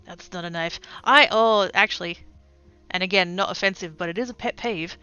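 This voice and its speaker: Australian woman, casual streamer, bright tense tone, rambly asides, faint music behind. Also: lowish voice, normal speed, clean tone, muffled recording. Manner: chatty, rambling, often trailing off into quiet asides. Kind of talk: casual livestream chat while crafting.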